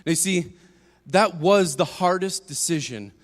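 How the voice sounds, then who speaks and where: A young man giving a personal testimony as a church speaker, moving between hushed and emphatic storytelling. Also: high voice, unhurried. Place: church sanctuary. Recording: long hall reverb.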